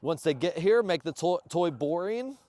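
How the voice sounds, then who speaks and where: A man who handles and trains his service dog, chatting upbeat to viewers of a casual training vlog outdoors and praising the dog loudly. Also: fairly high pitch, lively intonation, normal speed, no room sound. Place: outdoors, yard or field. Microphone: camera on a stand nearby.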